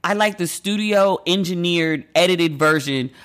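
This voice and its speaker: A woman's voice: fairly low pitch, a little slow. Candid, profane woman telling gossip. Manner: animated, with playful acted asides. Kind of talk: casual chat.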